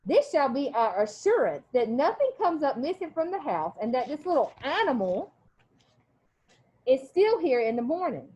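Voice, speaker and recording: Woman reading as a stern foster mother, prim, slow, formal, lively high voice. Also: muffled recording. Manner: formal, clipped, slow and haughty.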